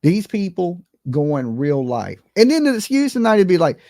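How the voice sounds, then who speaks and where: Gravelly, animated man hosting a stream. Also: normal speed, dry recording. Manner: blunt, slangy and profane; swoops between high exclaims and low mutters. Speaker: livestream host. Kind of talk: casual call-in chat and commentary.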